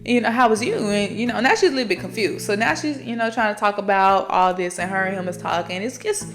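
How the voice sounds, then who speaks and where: A woman of middle pitch retells a romance novel in loose, slang-heavy chat, swearing freely and calling out to her listeners as she goes. Faint music plays under her voice. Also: fast talker. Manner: chatty, slangy and profane, addresses listeners directly. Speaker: book podcast host. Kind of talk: casual book recap storytelling.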